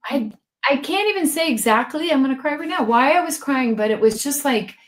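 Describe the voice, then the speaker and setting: A woman's voice: high-pitched, animated, a little fast. Effusive, emotional middle-aged woman host. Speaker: podcast co-host. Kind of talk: casual interview chat.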